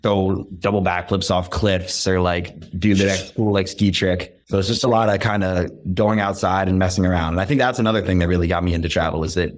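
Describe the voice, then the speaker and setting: A young man from Western Massachusetts, a guest in a casual interview, talking in a relaxed, rambling way with many repeats and fillers. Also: deep voice, a little fast, hardly any pauses. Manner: relaxed, rambling, repeats words and says "like" often.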